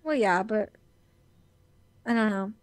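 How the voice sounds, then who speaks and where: A woman co-hosting a casual fan podcast, giggly and animated, quick to laugh. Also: medium pitch. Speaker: podcast co-host.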